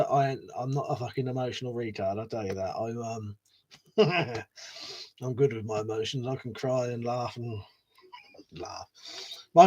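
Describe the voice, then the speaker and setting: Male streamer, casual and rambling, swears freely, laughs often, mid-pitched voice. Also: darkish tone. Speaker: livestream host. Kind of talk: casual live stream chat reading comments.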